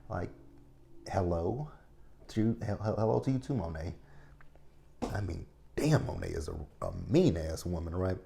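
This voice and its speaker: A man in his thirties with a low, deep voice and a mellow, dark tone rants his way through a TV episode recap. He talks straight to his viewers in a blunt, profane, casual way. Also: expressive, measured pace, vocal fry, pauses often, slight background noise. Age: 30s. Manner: blunt, profane, ranting commentary. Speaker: TV episode reviewer.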